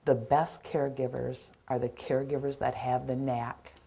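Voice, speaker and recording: A middle-aged woman giving a caregiving seminar, telling stories from her work in an earnest, animated way. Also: very deep voice, normal speed, gravelly, a little hiss or hum. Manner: earnest, storytelling, acts out scenes. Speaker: dementia caregiving trainer. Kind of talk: seminar storytelling.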